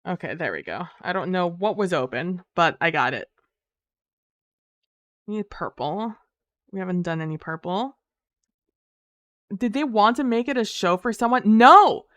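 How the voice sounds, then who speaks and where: A woman chatting casually on a livestream, her voice smooth and clear. The sound is dry and close, with no room around it. She swears freely, speaks in quick, heated bursts and leans on "um" and "like". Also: on the low side, big pitch swings, fairly bright tone, no room sound. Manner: frequent fillers like "um" and "like". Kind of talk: casual storytelling to a live chat.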